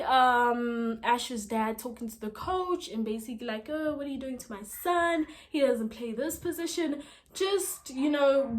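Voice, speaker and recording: A woman casually recapping a TV episode for her viewers, talking straight to them and acting out the characters' lines in a lively way. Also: a little high, a little hiss or hum. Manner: animated, quotes characters in lively retellings. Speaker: TV episode reviewer.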